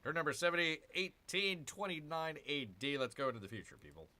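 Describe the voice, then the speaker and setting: Man, gaming host, bright tone, casual let's-play chatter, mutters through his turns. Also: a little high, expressive, a little fast. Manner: chatty, answers viewer chat while muttering over his moves.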